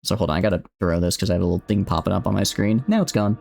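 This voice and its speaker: Southern man, game streamer, low-leaning voice, playful and teasing banter. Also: rapid-fire, vocal fry, a little mellow, faint music behind. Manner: playful, teasing, talks to chat while playing. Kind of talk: casual live-stream chat.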